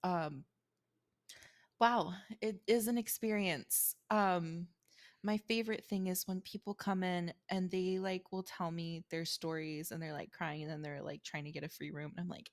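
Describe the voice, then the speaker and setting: A woman's voice: fairly low pitch, fairly even intonation, no echo. A young woman co-hosting a podcast in casual chat, laughing often, swearing freely and acting out customers. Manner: laughing, swearing, quick to act out customers in put-on voices. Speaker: podcast co-host.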